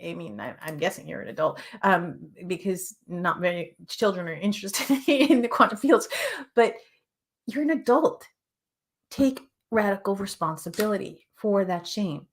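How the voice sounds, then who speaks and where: Earnest woman giving a motivational spiritual talk. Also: medium pitch. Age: adult with children. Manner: earnest, emphatic, repeats phrases, drops to soft whispers. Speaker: spiritual show host.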